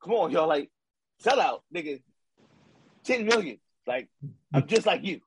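A man co-hosting a casual sports talk show, ranting with animated repetition and slang. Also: on the high side, a little slow, a little hiss or hum. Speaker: podcast co-host.

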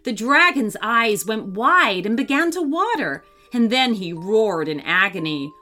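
A woman's voice: fairly high pitch, very animated, measured pace, sharp tone. Woman narrating a bedtime story. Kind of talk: scripted narration. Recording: faint music under the voice.

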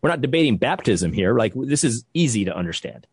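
A man's voice: mid-range voice, sing-song, fast talker, a little mellow, husky. A young man co-hosting a podcast, talking in a heated, emphatic way and often restarting his sentences as he gets worked up. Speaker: podcast co-host. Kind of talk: heated conversational commentary.

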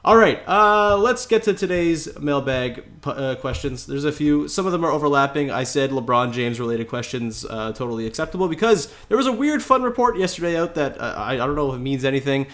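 With hardly any pauses, a young man hosting a casual sports podcast talks a little fast in an animated, slightly high and somewhat bright voice. A cold has left him stuffy-nosed, and his chatty sentences are loose, riddled with fillers and restarts.

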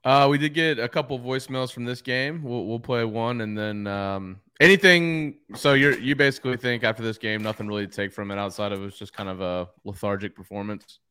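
A man hosting a college football podcast, speaking in a measured way and steering the conversation with questions. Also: mid-range voice, pushed and bright, smooth. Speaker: podcast host. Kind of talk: casual sports chat.

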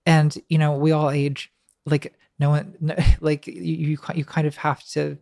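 A woman's voice: sits low, level tone, a little slow, vocal fry, dark tone, no room sound, studio quality. A woman guest talking reflectively, hesitant with many restarts and fillers, and now and then laughing wryly at herself. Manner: wry, laughs lightly at herself. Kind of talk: reflective conversation.

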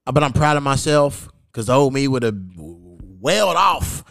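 A young man hosting a podcast, telling stories in a profane, animated casual chat and acting out what people said. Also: medium pitch, a little slow, vocal fry, no room sound, studio quality. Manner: profane, animated, acts out quoted lines. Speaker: podcast host.

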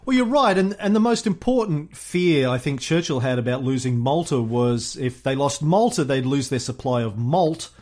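A man co-hosting a casual history podcast, jokey and animated, reading quotes aloud. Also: mid-range voice, normal speed, hardly any pauses. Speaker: podcast co-host.

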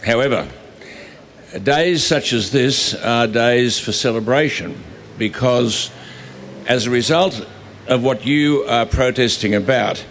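A man's voice: mid-range voice, slow pace, background noise. A man giving an emphatic, repetitive, sarcastic speech into a microphone at an outdoor protest rally. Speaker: rally speaker and broadcaster. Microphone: stage microphone.

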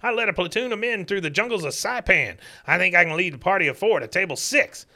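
A man's voice: sits high, expressive, fast talker, bright, forceful tone, voice pushed up, heavily acted. A man voicing a hot-tempered, bossy old male war veteran who barks and blusters. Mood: ornery. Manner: barking, blustering outbursts.

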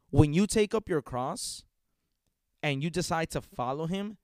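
A man's voice: a little high, animated, normal speed, darkish tone, no echo, clean studio sound. A man hosting a podcast, preaching in a fervent, repetitive monologue full of restarts. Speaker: podcast host.

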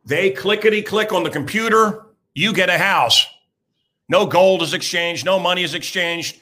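This sixty-something radio host has a high voice and talks at a normal speed, ranting loudly and emphatically in a talk-show monologue. His delivery rambles and repeats, with crude humor and occasional shouting.

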